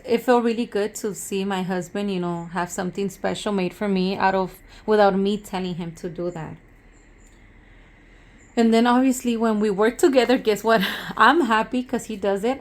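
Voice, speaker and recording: A woman in her thirties talking earnestly to camera in a personal vlog. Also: mid-range voice. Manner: earnest, conversational, emotional at times. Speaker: vlogger.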